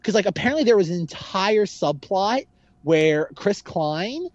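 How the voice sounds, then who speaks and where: Animated man on a film podcast, muffled audio. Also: high-pitched, measured pace, no room sound. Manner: rambling, heavy use of "like", lively impressions. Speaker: podcast co-host. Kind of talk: casual film discussion.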